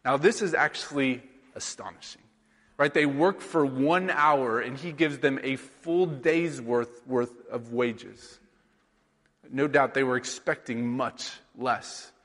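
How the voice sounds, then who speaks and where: A rural Iowa pastor in his thirties preaches a sermon conversationally, leaning on rhetorical questions. His medium-pitched, fairly bright voice carries the sound of a big room.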